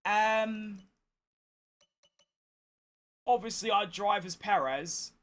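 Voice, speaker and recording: Hoarse man talking over a game. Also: high voice, drawn-out words, a bit bright. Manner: chatty, exasperated, swears freely. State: hoarse, tired. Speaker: gaming streamer. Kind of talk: casual gameplay commentary.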